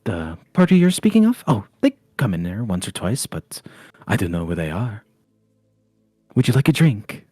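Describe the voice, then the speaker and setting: A man voicing Danica, an evasive, nervous female barkeep, in a higher, lilting, deflecting voice. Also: sing-song, normal speed, warm tone, no echo, faint music behind.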